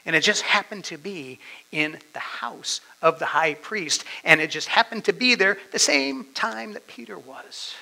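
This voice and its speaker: Dramatic gravelly male preacher. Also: sits high, animated, a little slow, poor audio. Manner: dramatic, swings from loud to whispered. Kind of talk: sermon.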